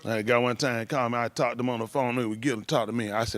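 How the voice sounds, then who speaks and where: A man's voice: medium pitch, fairly even intonation, racing, dry recording, clean studio sound. A man telling stories in casual talk, rambling loosely and breaking into laughs. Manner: loose rambling delivery with laughs and shouted impressions.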